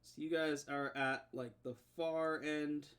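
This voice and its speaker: A man's voice: fairly high pitch, steady tone, a little slow, a bit bright, clean tone. A man narrating as game master of a tabletop game, describing scenes in a rambling way full of fillers.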